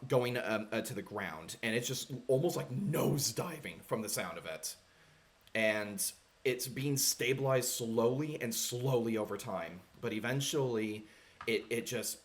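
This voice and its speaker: A man running a tabletop game as game master, narrating in a halting way with many fillers. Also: medium pitch. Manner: halting, full of fillers and restarts.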